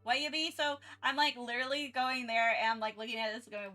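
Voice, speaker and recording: A young woman chats casually on her art livestream, gushing and rambling with plenty of filler words. Her voice sits a little high and has a bright, lively ring, and her pace is slow and meandering. Faint music plays quietly behind her. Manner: excitable, gushing thanks, rambling with many fillers. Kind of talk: casual live-stream chat.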